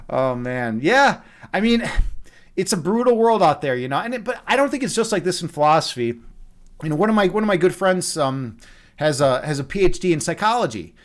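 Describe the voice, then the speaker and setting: A man hosting a livestream in casual chat, excitable and swearing often, repeating his phrases as he talks. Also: high voice, normal speed. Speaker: livestream host.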